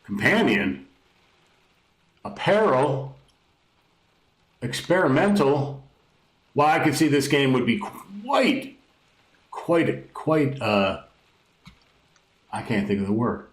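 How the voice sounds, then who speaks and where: A man's voice: medium pitch, expressive, takes it slowly, pauses often, echoey room, poor audio. A man streaming a video game live, rambling casually, swearing now and then and reading on-screen text aloud. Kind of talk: casual live gameplay commentary.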